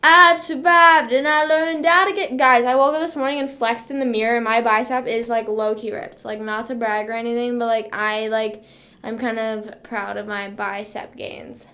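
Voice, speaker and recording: A woman's voice: a little high, flat delivery, moderate pace, fairly bright tone. A young woman hosting a casual livestream chat, bubbly and rambling, saying "like" constantly and breaking into song. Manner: bubbly, rambling, heavy use of "like", bursts into song. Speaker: livestream host.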